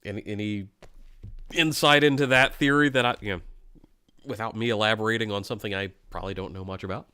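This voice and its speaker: A man hosting a casual online chat with a bright, forceful voice. He asks curious, enthusiastic questions. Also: fairly low pitch, fairly even intonation, quick pace, clean tone.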